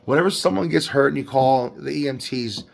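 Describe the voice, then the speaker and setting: A man giving a casual devotional Bible recap, preaching with lively slang and acting out quotes. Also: medium pitch, fairly quick, gravelly. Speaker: Bible teacher.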